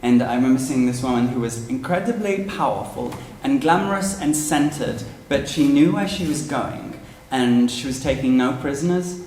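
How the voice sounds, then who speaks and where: A man's voice: medium pitch, normal speed, hardly any pauses, a little mellow, slight background noise. A man in his thirties, an author, talks chattily and theatrically and laughs often during a book launch interview on stage. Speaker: author guest. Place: event venue before an audience. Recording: roomy hall.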